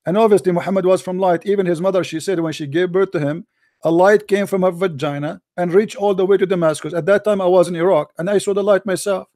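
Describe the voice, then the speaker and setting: A high-pitched man runs a call-in debate with open scorn. He talks over his caller and mocks him without letup. The sound is close and dry. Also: fairly even intonation, quick pace, darkish tone, dry recording. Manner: mocking, combative, insulting. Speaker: debate show host.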